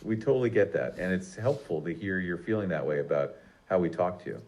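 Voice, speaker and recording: A man's voice: sits low, brisk, a little mellow. A man co-hosting an upbeat podcast chat, agreeable and building on his partner's points. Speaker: podcast co-host.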